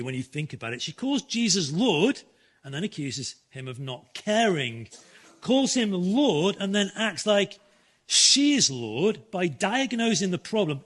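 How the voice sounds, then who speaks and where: A man preaching a sermon in an earnest style, restarting phrases now and then and softening his voice for quoted words. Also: sits high. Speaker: pastor.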